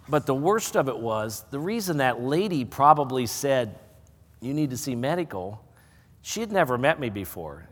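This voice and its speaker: A middle-aged man preaching a sermon, telling a folksy personal story before rising into loud preaching. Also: mid-range voice. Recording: hall reverb.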